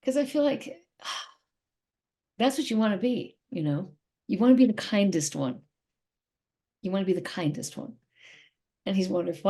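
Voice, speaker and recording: A woman's voice: mid-range voice, animated, unhurried, pauses often, dark tone. A middle-aged woman speaking candidly as an interview guest, emotional and rambling, often repeating herself.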